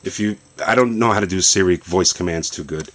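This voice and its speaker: A man's voice: sits low, fairly quick, fairly bright tone, slight background noise. A man in a basement casually demonstrating a phone setup, rambling through his explanation with fillers and restarts. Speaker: tech video host.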